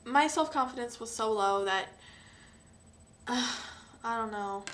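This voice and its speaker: A young woman talking hesitantly and emotionally to camera, with frequent sighs and pauses. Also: a little high, fairly bright tone. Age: young adult. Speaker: vlogger. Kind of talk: personal confessional vlog.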